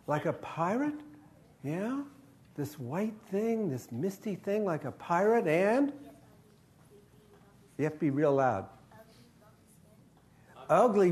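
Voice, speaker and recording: A man's voice: high voice, a little mellow. A man in his sixties, a children's author, telling a ghost story live and coaxing the young audience to call out answers. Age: 60s.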